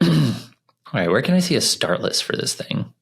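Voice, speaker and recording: A man's voice: mid-range voice, big pitch swings, moderate pace, creaky, a bit bright, husky. A man co-hosting a podcast in casual chat, wry and joking. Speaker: podcast co-host.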